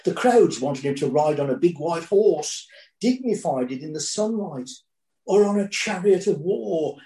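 A man's voice: on the high side, warm tone, echoey room, rough recording. A man preaching a sermon, telling the story dramatically with rising and falling intensity.

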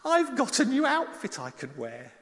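A man putting on a high, eager wife. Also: wildly swooping pitch, normal speed, a bit bright, full character voice. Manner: high sing-song voice. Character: eager wife delighted with new clothes. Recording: long hall reverb.

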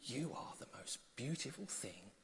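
A man doing a hushed, doting husband. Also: sing-song, moderate pace, vocal fry, husky, heavily acted. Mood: tender whisper. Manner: low and hushed. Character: devoted husband, dry then tender. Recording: long hall reverb.

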